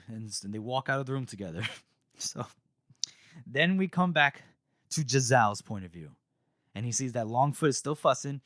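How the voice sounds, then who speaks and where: A young man co-hosting a podcast, retelling a book chapter in casual chat, animated and laughing as he acts out lines. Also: medium pitch, brisk, no room sound, studio quality.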